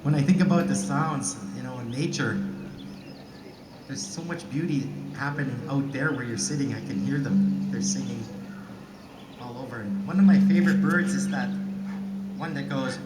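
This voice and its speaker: A man's voice: mid-range voice, normal speed, music in the background. A man playing flute and telling humorous stories to an audience in a park, talking casually and chuckling as he goes. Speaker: flute player and storyteller. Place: outdoor park with birds around. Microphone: touchy microphone he stands back from. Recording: echoey, distant, noisy outdoor sound.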